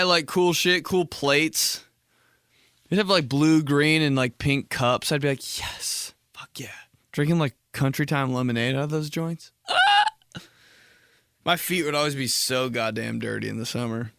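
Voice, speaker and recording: A man's voice: mid-range voice, fairly bright tone. A young man riffing alone into the mic, rambling loosely with lots of slang and cursing in an everyday mid-range voice. The sound is dry and close, with no room echo. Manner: rambling, slangy, heavy swearing. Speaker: podcast host. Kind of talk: casual comedic monologue.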